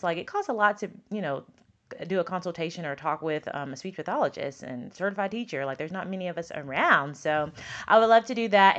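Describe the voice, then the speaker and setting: A woman hosting a podcast as a speech pathologist and teacher, chatty and emphatic, repeating words for stress. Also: medium pitch. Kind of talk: casual podcast talk.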